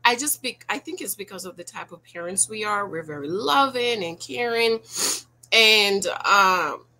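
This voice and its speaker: A woman in her forties giving casual reaction commentary to her viewers, animated and preachy, firing rhetorical questions at them. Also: mid-range voice, unhurried, gravelly. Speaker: YouTube commentator.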